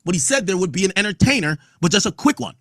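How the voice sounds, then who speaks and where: Reading quotes from court testimony, this male podcast host tears into them with blunt, profane, offhand remarks. He talks fast in a high-pitched, expressive voice with a fairly bright tone, captured as clean studio sound without echo.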